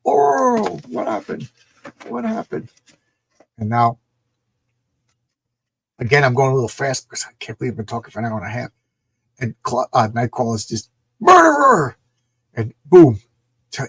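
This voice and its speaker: A man reviewing comic books in a casual livestream, excited and rambling, often acting out the characters' lines. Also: medium pitch, creaky, slightly rough, no echo. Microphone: small camera mic.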